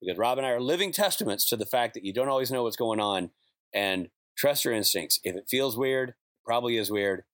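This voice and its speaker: A man's voice: mid-range voice, fairly quick, no room sound, studio quality. A man with a slight lisp and loose diction, a podcast guest talking casually and poking fun at himself. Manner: self-deprecating, animated storyteller.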